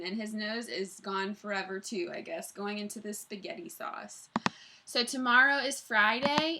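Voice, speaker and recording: Woman, teacher reading aloud, expressive storytelling, mid-pitched voice. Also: noisy background. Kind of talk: children's book read-aloud.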